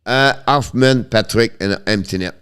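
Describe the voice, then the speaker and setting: This man's lowish voice is a bit bright, clear, and resonant. On his casual hockey live stream, he replies to viewers in a halting way with a Quebec French accent, frequently starting sentences over and mixing English with French.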